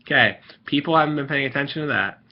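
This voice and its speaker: Vlogger, male, mid-pitched, rambling and irritated, fillers and restarts throughout, muffled lo-fi home recording. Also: fast. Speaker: video host ranting to viewers. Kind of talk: casual vlog rant. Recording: dull lo-fi recording.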